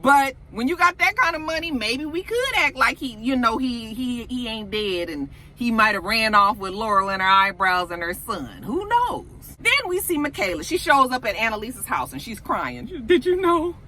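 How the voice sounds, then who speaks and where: A woman reviewing a TV episode in a casual, profane, animated vlog, acting out the scenes as she recaps. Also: a little high, moderate pace, hardly any pauses, a little hiss or hum. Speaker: TV show reviewer.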